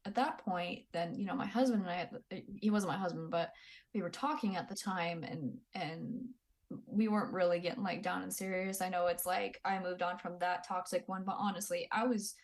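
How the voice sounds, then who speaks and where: A woman's voice: lowish voice, steady tone, normal speed. A woman in her twenties, a podcast guest, talking candidly in a blunt, profane way. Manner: blunt and profane, acts out quoted people. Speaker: podcast guest, Army veteran. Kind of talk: candid casual storytelling.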